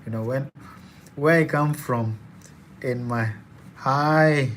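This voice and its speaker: A man's voice: mid-range voice, takes it slowly, a little hiss or hum. A young man from Kenya with a Kenyan accent, chatting casually and laughing often as he hosts a live Q&A. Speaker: student and live-stream host.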